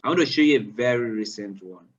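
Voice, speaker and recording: A man runs a live online training session, firing the same question at his listeners again and again. His mid-range voice jumps higher when he gets excited. The sound is dull and lo-fi, like audio from an online call. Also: fast talker, recorded from a distance. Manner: quizzes listeners with repeated questions; animated, rising pitch when excited.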